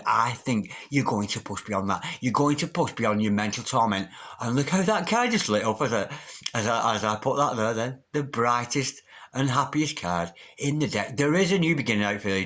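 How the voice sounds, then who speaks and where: A man's voice: mid-range voice, a bit bright. A man giving a tarot reading, chanting repeated invocations and calling listeners darling. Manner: affectionate, calls listeners darling. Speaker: tarot reader. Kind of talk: tarot card reading to camera.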